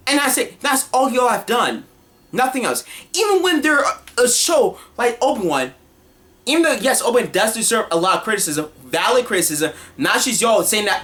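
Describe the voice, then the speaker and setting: A woman's voice: fairly high pitch, very animated, normal speed, a bit bright. A woman delivering a heated, scornful rant as an online commentator, repeating her points and talking over herself. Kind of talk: ranting vlog monologue.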